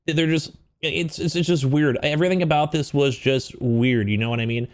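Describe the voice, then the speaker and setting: A man's voice: fairly high pitch, brisk, few pauses. A man hosting casual drama commentary, talking in a rambling, emphatic way full of fillers.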